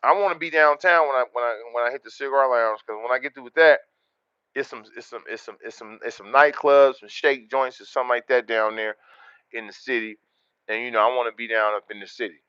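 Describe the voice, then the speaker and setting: A man hosts a livestream, talking to his chat in loud, boastful street slang. His voice sits in a middle register. The sound is dry and a little dull. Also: mid-range voice, steady tone, smooth, no room sound. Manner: loud, boastful street slang, repeats words in rapid runs. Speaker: livestream host. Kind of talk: casual livestream chat, reading the chat.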